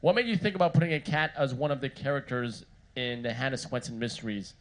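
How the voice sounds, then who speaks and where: A man moderates an author's question session in front of a live audience. He feels his way into each question, pausing on fillers and restarting his phrases. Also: mid-range voice. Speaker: event moderator. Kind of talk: interview questions. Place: live Q&A event before an audience.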